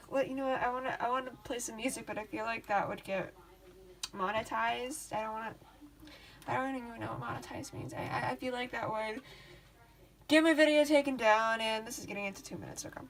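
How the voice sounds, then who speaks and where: Female, a little high-pitched, casual and rambly, excitable with a slangy edge. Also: moderate pace. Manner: excitable, gushing, slangy with swearing; chatty, rambling with restarts. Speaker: student tutor. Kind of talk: casual study-guide talk.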